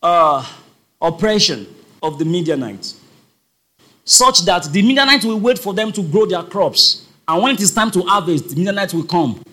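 This is a man delivering a sermon with emphasis, returning again and again to the same points as he calls out to the congregation. His voice is bright and high, moving through wide swings.

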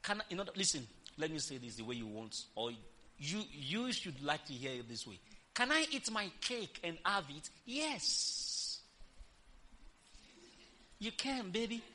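A woman pastor delivers a sermon with a wildly swinging, lively pitch. Her tone is bright and forceful as she fires rhetorical questions at the congregation. She bursts into loud, emphatic exclamations. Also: unhurried.

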